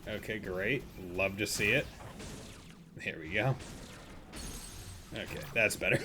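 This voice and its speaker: A man's voice: on the low side, slow pace, long pauses, bright, forceful tone, a little hiss or hum. A young man casually commenting on his gameplay as a streamer, rambling and joking with lots of filler words. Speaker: gaming streamer. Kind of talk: casual let's-play commentary.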